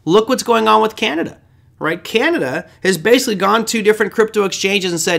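A man's voice: high voice, expressive, a little fast, creaky, fairly bright tone. A man hosting a trading show, giving casual market commentary in a rambling, conversational way with side stories.

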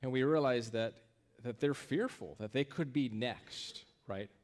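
A man's voice: medium pitch, unhurried. A male pastor preaching a sermon in a conversational way, often restarting phrases and checking in with "right?".

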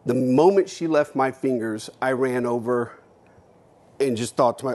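A man delivering an emotional keynote in a lecture hall, mid-pitched and blunt. He swears without apology and swings between loud emphasis and near-whispers as he tells his story. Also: moderate pace. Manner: blunt, candid, swears freely, shifts between loud and hushed. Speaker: keynote speaker.

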